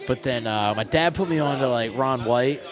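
Casual male podcast host, relaxed and profane, quick to laugh, mid-pitched voice. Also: over music. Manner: laid-back, profane, laughs often. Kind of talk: casual chat.

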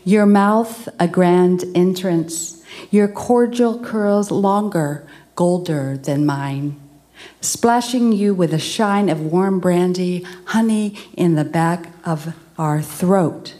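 Slow, low-voiced woman reading poetry. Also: mellow. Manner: slow, deliberate recitation. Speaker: poet.

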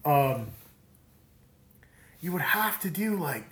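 Podcast co-host, male, lively pitch, laid-back cursing banter, roomy phone recording. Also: slow. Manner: profane, laughing, rambling banter. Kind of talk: casual chat. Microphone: phone app.

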